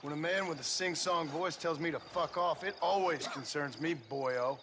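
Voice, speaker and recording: An actor playing a dry, unflappable outlaw gunslinger in a western game. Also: male voice, a little high, normal speed, noisy background, close to an everyday voice. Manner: dry, wry, calm.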